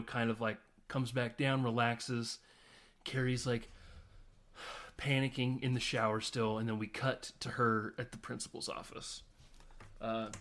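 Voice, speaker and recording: A man chatting through a film plot on a podcast, full of fillers and quick asides. His voice sits at an ordinary middle pitch. He acts out the characters' lines in passing. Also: fairly bright tone. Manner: rambling retelling with many fillers and acted-out quotes. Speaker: podcast co-host. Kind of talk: casual film discussion.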